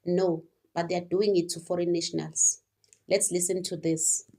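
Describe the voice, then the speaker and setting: A woman's voice: fairly low pitch, little pitch movement, moderate pace, mellow. A South African woman hosting a commentary video, indignant and firing off rhetorical questions. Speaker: commentary channel host. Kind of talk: opinionated commentary.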